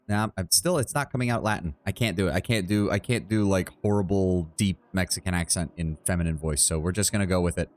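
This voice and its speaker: A man with a deep, low voice chatting casually on a game livestream from home. He thinks out loud, teases himself and keeps restarting sentences as he goes. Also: fast talker, hardly any pauses. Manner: self-deprecating, thinks aloud with restarts. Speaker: game streamer. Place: his apartment.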